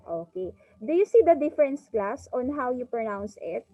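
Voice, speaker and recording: A woman's voice: high voice, expressive, normal speed, mellow. Filipino woman teaching an online class. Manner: drills pronunciation, repeats "okay" often. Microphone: video call. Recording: dull lo-fi online call audio.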